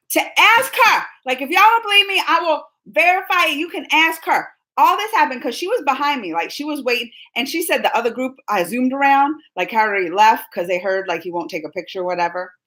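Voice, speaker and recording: Animated young woman telling a fan story. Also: on the high side, rough recording. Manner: animated, breathless retelling with quoted dialogue and squeals. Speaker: livestream host. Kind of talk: excited storytelling to live chat.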